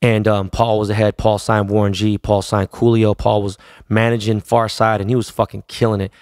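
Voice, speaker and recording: A man's voice: fairly low pitch, level tone, moderate pace, a little mellow, no room sound, clean studio sound. A middle-aged man from Los Angeles, a DJ, telling a story in a loose, profane, slang-heavy way. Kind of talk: casual storytelling.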